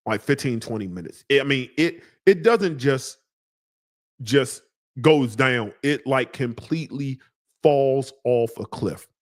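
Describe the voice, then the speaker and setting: A man's voice: mid-range voice, darkish tone. Slangy, joking man reviewing fragrances. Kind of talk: casual live review.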